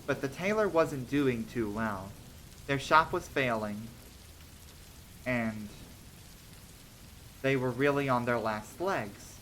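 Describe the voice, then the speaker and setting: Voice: mid-range voice, takes it slowly, pauses often, a bit bright, a little hiss or hum. Hesitant streamer telling stories, lots of ums. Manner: hesitant, many ums and restarts; giggly, laughs between thoughts. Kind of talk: casual livestream storytelling.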